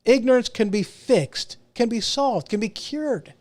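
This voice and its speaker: Rambling high-voiced male podcast host. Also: unhurried, darkish tone. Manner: rambling, repeats words and restarts, self-mocking. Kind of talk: casual solo rant.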